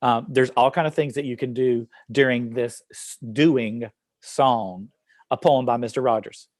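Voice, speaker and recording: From his office, an upbeat educator reads poetry to students online, cheering them on amid plenty of fillers. He speaks unhurriedly in a darkish mid-range voice, and the studio-quality recording is dry.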